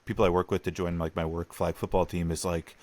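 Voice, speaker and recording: A young man co-hosting a casual podcast chat, animated and mocking others in put-on voices. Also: low-pitched, fast talker, dry recording. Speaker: podcast co-host.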